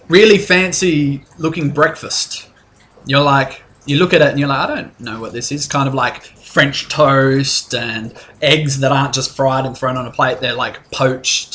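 Young guy running a tabletop game, bright voice, chill and rambly. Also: mid-range voice. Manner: casual, laughing, swearing narration with fillers. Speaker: game master.

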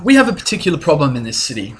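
A man's voice: on the high side, sing-song, very fast, a bit bright. A man voicing a casual, friendly male city official who confides in his guests. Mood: confiding.

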